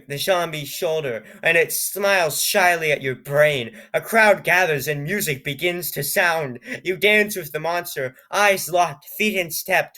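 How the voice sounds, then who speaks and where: A man's voice: high-pitched, a bit bright. A man hosting his channel, reading a nonsense story aloud in a playful, mock-dramatic way with joking asides. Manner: playful, mock-dramatic, breaks into laughter and jokes. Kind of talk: comedic reading with commentary.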